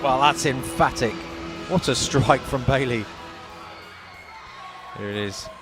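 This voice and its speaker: Male co-commentator, mid-pitched, measured analytical reads, music audible under the voice. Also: crowd noise. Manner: measured, analytical, punchy exclamations.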